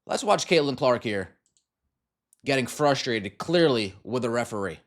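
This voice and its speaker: A man hosting a sports podcast rants over game clips with exasperated commentary, firing off one rhetorical question after another. His medium-pitched voice is expressive and unhurried.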